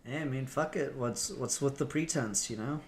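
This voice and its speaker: A man's voice: mid-range voice, normal speed, soft background music. A man co-hosting a casual podcast, rambling with many ums and restarts and frequent swearing. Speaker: podcast co-host.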